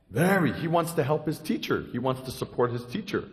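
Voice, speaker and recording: A Zen monk from the United States giving a dharma talk, telling a story with sound effects. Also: male voice, medium pitch, sing-song, brisk, hardly any pauses. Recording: echoey hall.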